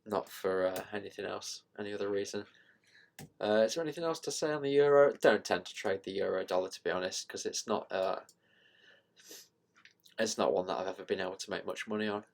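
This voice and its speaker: A man's voice: lowish voice, brisk, gravelly. Rambling man talking charts. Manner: rambling, self-deprecating, thinking out loud with fillers. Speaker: trading channel host. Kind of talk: casual screen-share market commentary.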